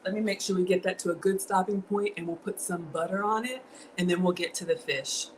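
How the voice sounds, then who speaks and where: A woman's voice: fairly low pitch, fairly quick, slight background noise, rough recording. A woman, cooking at home on a livestream, chatting and thanking her viewers. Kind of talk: casual livestream cooking chat. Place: home kitchen.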